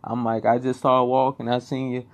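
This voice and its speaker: A man's voice: medium pitch, little pitch movement, moderate pace. A young man casually telling a personal story, swearing, rambling and repeating himself.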